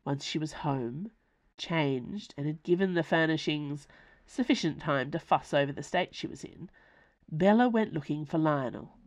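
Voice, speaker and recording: A woman reading her own novella aloud in expressive, lively scripted narration. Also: deep voice, normal speed.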